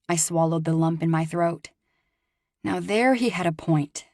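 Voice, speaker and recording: Woman audiobook narrator, first-person romance, expressive, lowish voice, dry close recording. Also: measured pace, dry recording.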